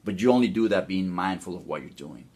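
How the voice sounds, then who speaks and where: Energetic tennis coach man talking to viewers. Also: low voice, fast talker, breathy edge. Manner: energetic, repeats and restarts phrases; talks straight to viewers as guys. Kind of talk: coaching talk to camera.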